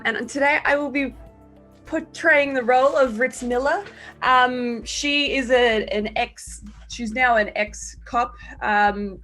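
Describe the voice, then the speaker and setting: A woman player excitedly introducing her character, with frequent ums. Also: a little high.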